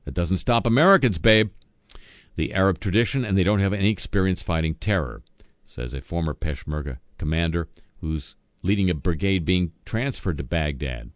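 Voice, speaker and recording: A man's voice: low voice, expressive, normal speed, dry recording. A man reading satirical news as host, dropping sardonic, wisecracking asides between items.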